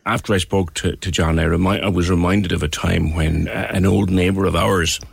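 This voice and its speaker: Male phone-in host: deep gravel with a breathy edge, earnest delivery. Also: fairly even intonation, fairly quick, dry recording. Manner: earnest, repeats words while speaking. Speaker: radio show host. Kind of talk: phone-in radio chat.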